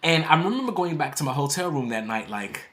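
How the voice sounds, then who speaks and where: A man's voice: on the high side, big pitch swings, fairly quick, a bit bright, a little hiss or hum. A man in his thirties, a poet and author, telling a story in conversation, acting out quotes and laughing often.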